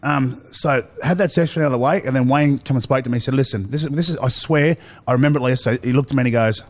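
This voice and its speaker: An Australian man telling stories in a casual chat, animated and peppering his talk with "mate". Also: mid-range voice, quick pace. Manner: animated, says "mate" a lot, acts out quotes. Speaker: guest.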